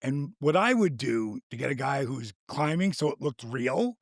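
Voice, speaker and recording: An older man with a gravelly voice, animated and swearing freely as he tells a story in casual chat, acting out the quotes. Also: medium pitch, moderate pace, dry recording, clean studio sound. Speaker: guest.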